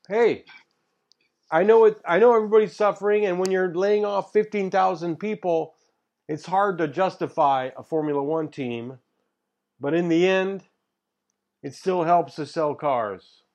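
A man's voice: high-pitched, a little mellow, muffled recording. A man co-hosting a casual chat, answering with wry, mock-dramatic jokes. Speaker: co-host.

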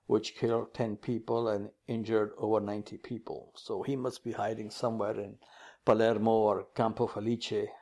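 A man co-hosting a motor racing podcast, reading news items in a lively, joking manner and calling his partner "sir". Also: fairly low pitch. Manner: animated, calls partner "sir". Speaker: podcast co-host. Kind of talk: casual news chat.

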